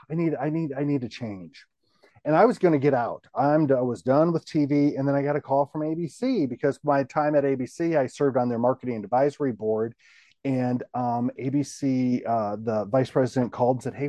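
A middle-aged man, a guest on the show, telling his career story in a relaxed, rambling way full of "you know" fillers. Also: mid-range voice, dry recording. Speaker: guest, TV station general manager.

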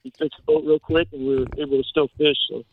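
A man calling in to a radio show, telling a story in quick chatty bursts over a phone line. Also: a little high, level tone. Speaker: caller. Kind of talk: casual chat.

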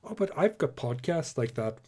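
A man's voice: medium pitch, moderate pace. Chatty Northern Irish man. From Northern Ireland. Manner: chatty, animated storytelling with playful put-on voices. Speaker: podcast co-host. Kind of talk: casual chat.

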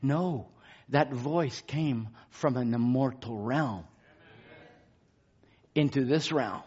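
A man preaching a fervent revival sermon, dropping to a hushed murmur and rising to ringing shouts. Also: medium pitch. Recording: dull lo-fi tape recording.

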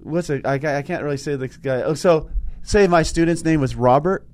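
A man's voice: on the high side, moderate pace. A man co-hosting a casual spiritual talk show, telling stories with lots of restarts. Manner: animated storytelling, frequent restarts. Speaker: co-host.

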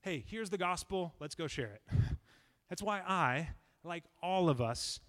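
High-voiced young man preaching in a hall. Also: lively intonation, fairly bright tone. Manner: emphatic, repeats key lines slowly for weight. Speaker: pastoral resident. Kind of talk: sermon. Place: church sanctuary.

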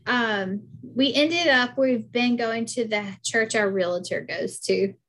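A woman's voice: on the high side, takes it slowly, fairly bright tone, slight background noise. Woman, Southern US accent, interview guest, casual chat, filler-heavy. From South Carolina, US. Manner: chatty, many fillers and "like"s.

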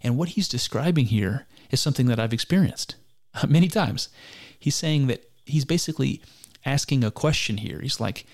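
Man, middle pitch, reflective commentary; earnest, musing, halting delivery. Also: expressive, a little mellow. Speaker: speaker discussing mysticism. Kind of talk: reflective spoken commentary on a text.

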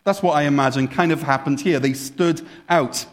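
A man's voice: on the high side, moderate pace. A man preaching a sermon in a conversational, storytelling way, explaining a Bible passage. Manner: conversational, storytelling, with restarts and asides.

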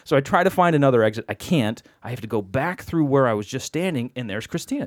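A man telling a long anecdote on a podcast, animated and acting out the other people's voices. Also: mid-range voice, quick pace, few pauses, dry recording, clean studio sound. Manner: animated, acts out quoted voices. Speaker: podcast guest. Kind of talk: storytelling anecdote.

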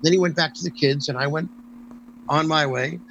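Older man telling a lively story. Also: a little high, normal speed, vocal fry, dull audio, a little hiss or hum. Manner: lively storyteller with frequent restarts and ums. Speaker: interview guest, former stage performer. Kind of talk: storytelling anecdote in conversation.

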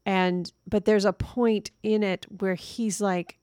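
A woman co-hosting a casual movie review chat, animated and laughing often as she recounts favorite scenes. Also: medium pitch, slow, smooth, no room sound, clean studio sound. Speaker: podcast co-host.

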